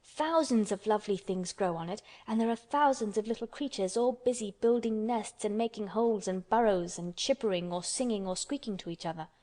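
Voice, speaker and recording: A woman's voice: medium pitch, fairly quick, hardly any pauses, dark tone, lightly acted. A woman voicing a stubborn, contrary orphan girl who speaks bluntly and obstinately.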